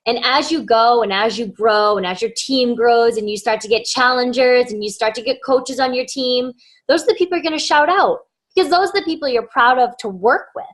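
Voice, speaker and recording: A woman's voice: fairly high pitch, fairly quick. A woman coach giving an upbeat, emphatic motivational lesson, repeating words for stress. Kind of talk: casual motivational teaching.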